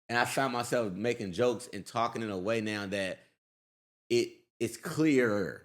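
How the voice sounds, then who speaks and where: A young adult man in casual podcast chat, telling animated stories and mimicking other people's voices. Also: fairly low pitch, normal speed. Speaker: comedian and co-host.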